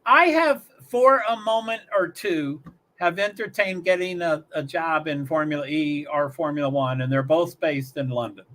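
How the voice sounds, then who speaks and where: A livestream host with a fairly high, slightly bright voice chats casually at a moderate pace while watching a race. He rambles as he thinks aloud in his commentary.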